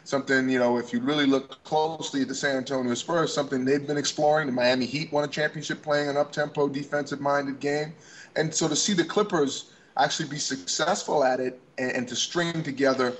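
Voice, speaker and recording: A man's voice: mid-range voice, steady tone, brisk, a little hiss or hum. A man co-hosting a basketball podcast, upbeat, talking in long run-on thoughts. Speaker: podcast co-host. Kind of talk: casual sports chat.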